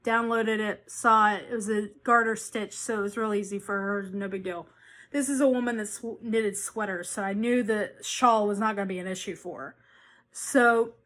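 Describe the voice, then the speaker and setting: A woman's voice: medium pitch, fairly bright tone. A woman hosting a knitting podcast, chatting casually and rambling with frequent restarts and self-corrections. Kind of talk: casual chat.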